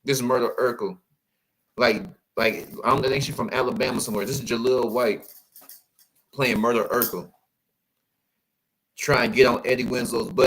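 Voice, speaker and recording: A man giving casual, animated commentary as he reacts to photos, calling out to his viewers. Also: medium pitch, poor audio. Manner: animated, exclaiming, addresses viewers as y'all.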